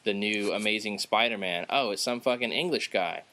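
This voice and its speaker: A man with a fairly low voice chats casually on a podcast. He rambles, swears freely and leans on fillers. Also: a little fast, background noise. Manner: rambling, profane, filler-heavy. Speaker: podcast co-host. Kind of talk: casual chat.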